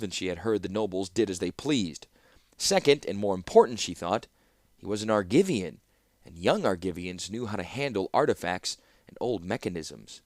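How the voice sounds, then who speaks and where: A man with a low voice narrates a fantasy tale with a great deal of rise and fall. His delivery is expressive and storytelling. The recording is dry and close. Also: no room sound. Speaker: audiobook narrator.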